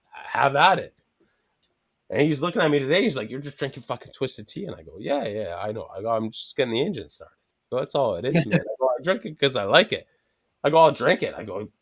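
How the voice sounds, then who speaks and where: A man telling rambling, profane anecdotes in casual chat, acting out both sides of each conversation. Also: mid-range voice.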